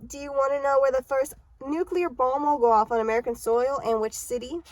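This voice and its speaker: A woman's voice: sits high, steady tone, a little fast, a little mellow, pitched above the performer's own voice, lightly acted. A woman voicing a taunting man at a party with a fake Jamaican accent, posing as a psychic and asking prying questions. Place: parked car.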